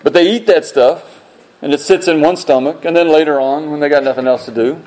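A man's voice: a little high, brisk, darkish tone, low-quality recording. A man preaching a sermon in a folksy, conversational way, with homespun comparisons and joking asides. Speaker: pastor.

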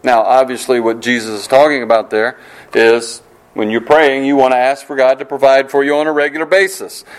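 A man preaching a sermon, earnest and repetitive, slowing down on key phrases for emphasis. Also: medium pitch, level tone, rough recording. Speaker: pastor.

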